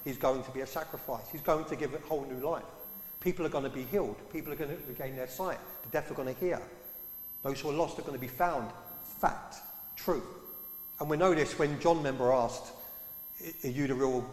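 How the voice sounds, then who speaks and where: A man's voice: medium pitch, fairly quick, a little mellow. A man preaching a sermon in a conversational way, putting questions to his congregation. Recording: echoey hall.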